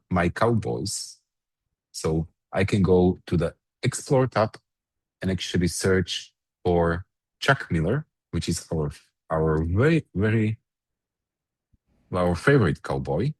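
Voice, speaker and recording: Low husky guy explaining a software demo step by step, dry close mic. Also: no echo. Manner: explains step by step, with frequent restarts. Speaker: workshop presenter. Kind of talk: live online software demo.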